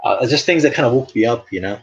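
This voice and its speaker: A man's voice: medium pitch, lively intonation, fast talker, breathy edge. A man chatting casually on a live stream, telling rambling stories full of fillers. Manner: rambling storyteller, many fillers. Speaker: artist hosting a live stream. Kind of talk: casual chat. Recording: dull lo-fi stream audio.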